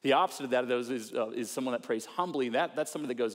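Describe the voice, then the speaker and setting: A male pastor preaching in a relaxed, conversational way, with pitch sitting in the middle of the range. He slips into acted-out prayers and mock self-talk to make his points. His voice carries a long reverb tail from a large church hall. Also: fast, few pauses. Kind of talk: sermon.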